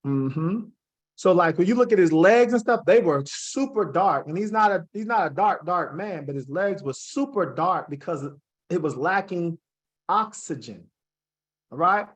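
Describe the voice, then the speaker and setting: A man leads a Bible study at an unhurried pace, reading verses aloud and stopping to check in with his listeners. He picks apart Hebrew words syllable by syllable, like a teacher working through slides. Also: sits high, expressive. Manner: reads scripture aloud, sprinkles in "right?" checks to the class; spells out Hebrew words slowly. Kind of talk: classroom Bible lesson with slides.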